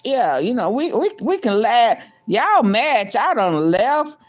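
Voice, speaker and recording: A woman's voice: a little high, sing-song, slow pace. A woman vlogger chatting to her live viewers in a casual, repetitive way. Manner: chatty, repeats herself, talks to viewers. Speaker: livestream vlogger. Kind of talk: casual live-stream commentary.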